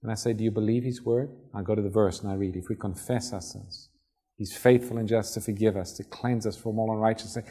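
A man's voice: lowish voice, fairly even intonation, brisk, mellow, slightly rough. A man preaching a sermon in a conversational manner, acting out Bible scenes as he tells them.

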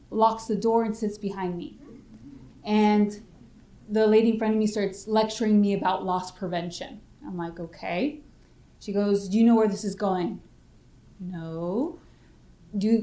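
A woman's voice: medium pitch, warm tone. A young woman giving a personal faith testimony, telling her story and acting out what the other people said. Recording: roomy echo.

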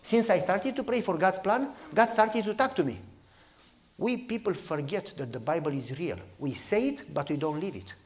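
A man's voice: high-pitched, moderate pace. A man with a Romanian accent preaching a sermon, telling stories and often asking "You follow me?". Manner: animated, repeats "You follow me?". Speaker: pastor. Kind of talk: sermon storytelling.

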